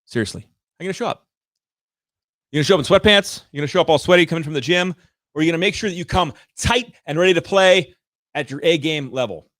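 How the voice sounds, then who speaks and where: A man's voice: on the high side, animated, fast, fairly bright tone, no room sound. A man hosting a live show, giving direct, emphatic coaching talk with points repeated for effect, in a room with large windows on a studio microphone.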